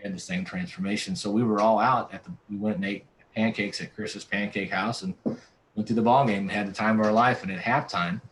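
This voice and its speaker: Brief: male pastor as guest, very low voice, earnest storyteller, keeps restarting lines. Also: steady tone, a little fast, a bit bright, a little hiss or hum, poor audio. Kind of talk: storytelling in a conversational interview.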